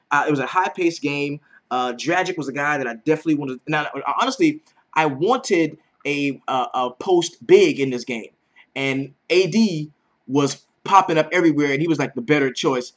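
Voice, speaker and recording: A man hosting a casual daily fantasy basketball breakdown, animated and slangy, swearing freely. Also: a little high. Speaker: daily fantasy sports host. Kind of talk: casual sports betting breakdown.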